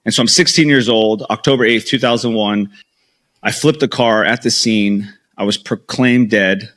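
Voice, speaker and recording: A man's voice: on the low side, steady tone, normal speed, fairly bright tone. A man in his thirties, a podcast guest, candidly retelling his past in an emotional, story-driven way with lots of quoted dialogue. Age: 30s. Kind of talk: storytelling interview.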